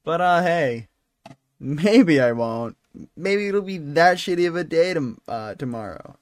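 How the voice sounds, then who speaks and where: Talking into a handheld mic at his desk at home, this young podcast host has a fairly high, animated voice and a measured pace, though he is tired and yawning. His solo chat is rambling, apologetic and self-deprecating, captured as a dry recording.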